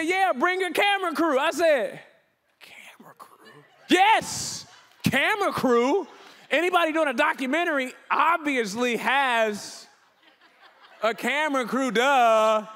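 Keynote speaker, male, very high voice, lively storyteller who acts out every exchange, slangy and relaxed. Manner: animated, acts out dialogue with quick voice changes; casual, slangy phrasing.

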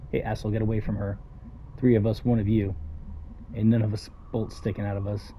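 A man's voice: on the low side, flat delivery, fast talker, warm tone, a little hiss or hum, poor audio. A man playing through a story game, casually reading out every character's lines himself. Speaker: let's play gamer. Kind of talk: reading game dialogue aloud.

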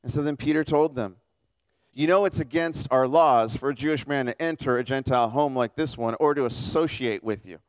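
A man's voice: mid-range voice, smooth, dry recording. A male pastor preaching a casual, joking sermon and acting out the people in the story. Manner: casual, joking, acts out characters with quick voice shifts. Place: church.

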